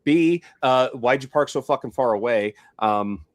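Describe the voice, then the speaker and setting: A man's voice: medium pitch, a little slow, no room sound. Swearing, laughing male co-host, dry mic. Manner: laughing, swearing, openly annoyed rant. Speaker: podcast co-host. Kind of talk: casual chat.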